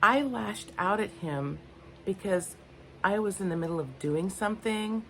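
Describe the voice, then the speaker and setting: A woman's voice: medium pitch, animated, a little slow, fairly bright tone, a little hiss or hum. An older woman vlogging unscripted, candid and rambling, often searching for her words. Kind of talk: unscripted personal talk to camera.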